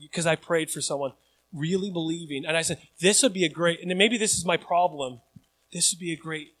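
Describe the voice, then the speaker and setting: A pastor with a fairly high-pitched voice preaches a sermon. He mixes chatty asides to the congregation with loud, emphatic calls.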